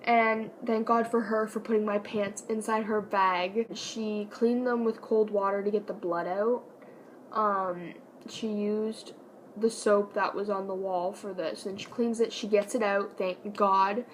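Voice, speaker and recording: A young woman casually telling a personal story on her vlog, chatty and animated, with lots of fillers. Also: mid-range voice, measured pace, a little hiss or hum, poor audio. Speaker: vlogger.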